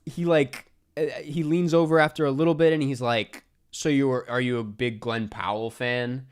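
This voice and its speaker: A young man hosting a stream, telling a funny anecdote in casual chat, animated and exasperated, laughing between lines. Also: mid-range voice, normal speed, hardly any pauses, clean tone. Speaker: streamer host.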